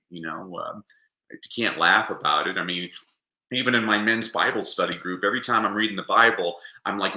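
A man chatting in an interview, animated and jokey, laughing often. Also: on the low side, reverberant, low-quality recording. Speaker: interview guest. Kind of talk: casual interview chat.

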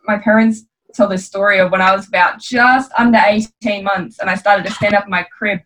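A woman's voice: medium pitch, steady tone, fairly quick, fairly bright tone, rough recording. A woman guest on a podcast, chatting casually with playful asides and frequent giggles.

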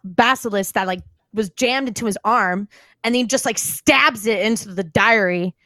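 A woman's voice: mid-range voice, normal speed, a bit bright, no room sound. Joking woman in a dry room. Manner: joking, laughs often. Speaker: podcast co-host. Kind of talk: casual chat.

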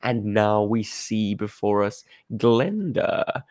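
A man's voice: on the low side, expressive, slow pace, darkish tone, no room sound, studio quality. A man hosting a casual podcast, chatty and upbeat, often laughing as he steers the talk. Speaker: podcast host.

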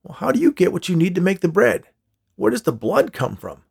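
A man voicing a desperate escaped male convict, pleading and angry, rising to shouts. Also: high-pitched, wildly swooping pitch, a little fast, vocal fry, husky, voice pushed up, heavily acted. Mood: frustrated.

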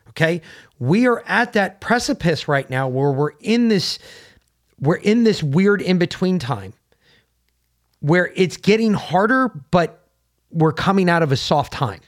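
A man's voice: high-pitched, lively intonation, unhurried. A man co-hosting a casual opinion podcast, talking bluntly and emphatically and swearing freely. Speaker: podcast co-host.

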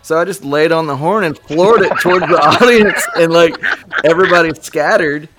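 A man in casual podcast chat, telling old tour stories with lots of swearing and loud acted-out quotes. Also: fairly high pitch, moderate pace, very noisy. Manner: animated, swears a lot, acts out quotes loudly. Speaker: podcast guest, former band member.

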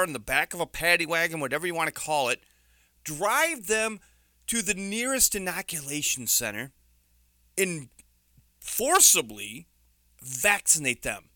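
A man's voice: fairly high pitch, pushed and bright, no echo, studio quality. A man with a New York accent giving an indignant, sarcastic opinion commentary, stressing his words hard.

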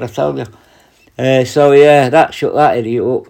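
A man's voice: medium pitch, fairly even intonation, moderate pace, vocal fry, a little mellow. A man, a prison officer, casually telling blunt, profanity-laced stories and acting out his own retorts. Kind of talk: casual anecdote storytelling.

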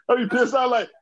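A man in casual group chat, joking and animated, stumbling over and repeating his words. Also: extremely high pitch, gravelly, highs cut off.

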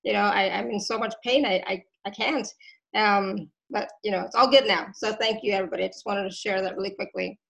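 A woman's voice: mid-range voice, fairly even intonation, a little fast, vocal fry, fairly bright tone, rough recording. A woman hosting a casual online show, effusive and grateful, laughing often as she talks. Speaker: host. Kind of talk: casual chat.

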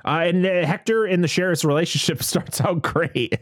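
A man's voice: high-pitched, normal speed, no room sound, studio quality. A man casually recapping a movie for a podcast, swearing freely and acting out the characters' lines. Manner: profane, animated retelling with acted quotes. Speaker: podcast co-host.

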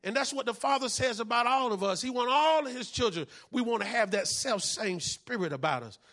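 Male pastor, high bright voice, call-and-response preaching. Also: expressive, fairly quick. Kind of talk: sermon.

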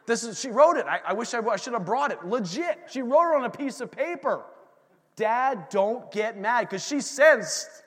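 Pastor guy preaching, high voice, lots of energy and jokes, big echoey church. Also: brisk, few pauses. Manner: animated preaching with asides and humor. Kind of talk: sermon. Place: church sanctuary. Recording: long hall reverb from a church room.

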